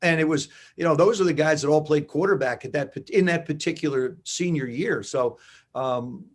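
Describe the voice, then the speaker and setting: A man in his seventies from New Jersey, a guest in an interview, telling animated stories and acting out dialogue. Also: fairly high pitch, normal speed. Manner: animated anecdotes with acted-out dialogue. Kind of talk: conversational storytelling.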